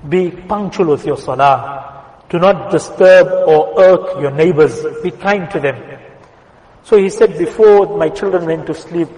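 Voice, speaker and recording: A man giving a Friday sermon in a mosque, telling stories earnestly and slowing down, dropping to a softer voice for quoted words. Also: on the high side. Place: mosque prayer hall. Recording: echoey hall with long reverb.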